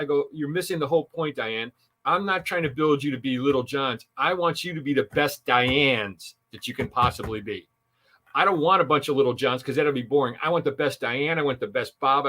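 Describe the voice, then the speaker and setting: A man's voice: a little high, fairly bright tone. A man, a sales trainer on a podcast interview, giving punchy, emphatic advice with asides.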